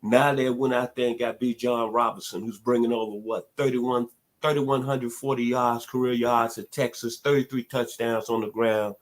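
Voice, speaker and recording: A man's voice: mid-range voice, steady tone, normal speed. A man hosting a sports talk radio show, giving football analysis in punchy, emphatic short statements with repeated catchphrases.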